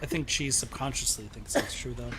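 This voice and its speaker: A man's voice: mid-range voice, a little fast, noisy background. A man chatting with friends while gaming, teasing and goofy. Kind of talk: casual chat.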